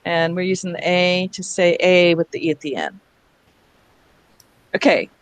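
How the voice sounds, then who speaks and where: A woman's voice: on the low side, normal speed. A woman leading a teacher workshop on reading over a video call, patiently sounding out words syllable by syllable. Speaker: reading instructor.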